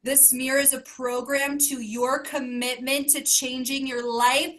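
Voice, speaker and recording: A woman's voice: high voice, level tone, measured pace, few pauses, fairly bright tone. A woman life coach giving an emotional motivational talk to her group, earnest and emphatic, asking question after question. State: emotional, close to tears.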